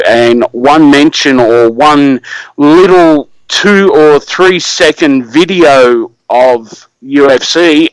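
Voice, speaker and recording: A man's voice: medium pitch, clean tone, no room sound, rough recording. A man with an Australian accent, calling in to a live show for a casual chat and swearing freely in laid-back slang. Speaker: caller.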